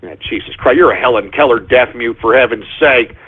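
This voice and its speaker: A man hosting a talk radio show, ranting in a profane, repetitive way with a husky voice. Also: medium pitch, fairly quick. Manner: profane, ranting, repeats himself. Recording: tinny phone-like radio audio.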